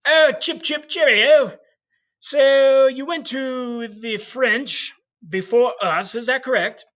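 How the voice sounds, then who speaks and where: A man's voice: fairly bright tone, full character voice. A man putting on a plummy, pompous English courtier. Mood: posh, dismissive. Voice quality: high, plummy mock-posh voice. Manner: stock British phrases, drawn-out and cheery. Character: pompous upper-class English courtier, male, adult, breezy and condescending.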